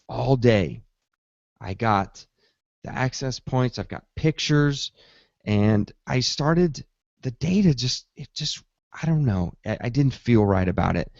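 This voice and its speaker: A man hosting a casual tech podcast who tells his story in a lively way and acts out his own reactions. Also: medium pitch, gravelly, no echo. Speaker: podcast host. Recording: dull, slightly lo-fi dry sound.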